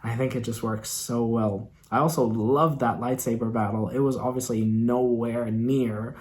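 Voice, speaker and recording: A man's voice: medium pitch, fairly even intonation, normal speed, a little mellow. Give me an earnest, emotional man reviewing a series from his bedroom, rambling a bit. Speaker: reaction video host. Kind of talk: casual film review talk.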